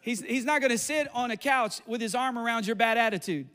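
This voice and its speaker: A middle-aged male pastor with a very high voice tells a sermon story animatedly, full of laughs and quick asides.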